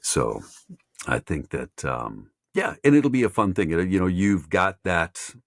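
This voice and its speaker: Deep gravelly man with a lively voice. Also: measured pace, a little hiss or hum. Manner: rambling, lots of fillers and restarts. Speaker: mentor. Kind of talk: casual chat.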